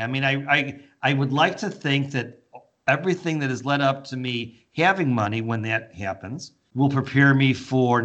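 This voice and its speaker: A man's voice: mid-range voice, pushed and bright. Candid, reflective man in casual chat. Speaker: podcast co-host.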